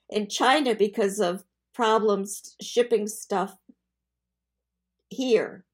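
An older woman chatting as co-host with her son, animated, giggly and emphatic. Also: medium pitch, extremely slow, husky. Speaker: co-host, the host's mother. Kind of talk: casual chat.

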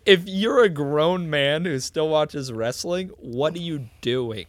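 A young man co-hosts a loose comedy podcast, his voice sitting a little high. He curses often and acts out other people's lines as he tells stories. The sound is dry and close to the mic. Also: slow, no room sound. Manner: swearing, animated storyteller, acts out quotes. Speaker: podcast co-host. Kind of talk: casual comedic chat.

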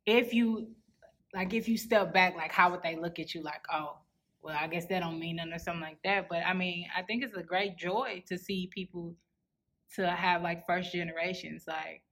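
Relaxed young woman, slightly low voice. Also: moderate pace. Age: 20s. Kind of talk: casual chat.

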